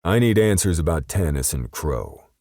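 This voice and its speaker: A man voicing a ruthless male assassin who snarls his threats flatly, in an audiobook. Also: low voice, moderate pace, dry recording, clean studio sound, pitched above the performer's own voice. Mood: menacing.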